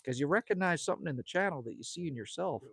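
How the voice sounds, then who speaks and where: A man's voice: fairly high pitch, expressive, quick pace, gravelly, fairly bright tone, slightly rough. A man, hosting a casual outdoor livestream and rambling in a friendly way while reading viewer comments. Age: 50s. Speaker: livestream host. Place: outdoors at a country cabin at sunset.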